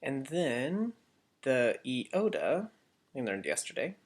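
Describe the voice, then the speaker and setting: A man's voice: mid-range voice, sing-song, takes it slowly. A man teaching a casual lesson for children, chatty and correcting himself as he goes. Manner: chatty, self-correcting, asks kids to repeat.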